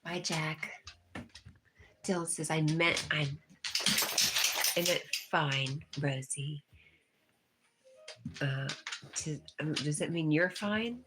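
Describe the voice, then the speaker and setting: A woman with a notably low voice hosts a casual livestream, reading viewers' comments aloud. She is easygoing and gently reassuring, and she chuckles often. She is from New York. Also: takes it slowly, pauses often, background noise. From New York, USA. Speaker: livestream host.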